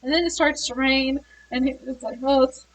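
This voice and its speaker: A woman's voice: high voice, brisk, fairly bright tone, recorded from a distance, slight background noise, low-quality recording. A woman reviewing a book, retelling its plot in a chatty way with frequent laughs and fillers.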